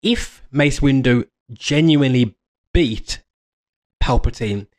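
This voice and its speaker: A man's voice: mid-range voice, takes it slowly. A man giving a casual fan explainer monologue, meandering and restarting mid-phrase with enthusiasm. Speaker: fan commentator.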